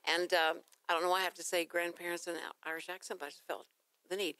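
A woman's voice: fairly low pitch, level tone, fast, bright, forceful tone, no room sound. An older woman, hosting a casual radio talk show in a chatty, teasing way.

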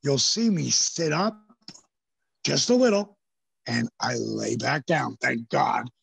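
A man guest on a podcast, telling animated stories, swearing freely and acting out the voices of the people in them. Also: mid-range voice, takes it slowly, creaky, slightly rough, no room sound. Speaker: podcast guest, former pro wrestler. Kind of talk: casual storytelling interview. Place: podcast studio.

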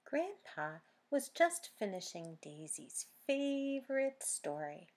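A woman reading picture books aloud at a library storytime. She speaks very slowly in an animated, sing-song way, and her voice has a soft, breathy edge. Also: fairly high pitch. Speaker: children's librarian.

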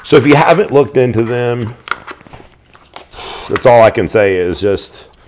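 A man's voice: mid-range voice, lively intonation, a little slow, a little mellow, a little hiss or hum. A middle-aged man casually showing off his knives, enthusiastic and rambling, often restarting his sentences. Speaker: knife collector reviewing knives. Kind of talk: casual show-and-tell.

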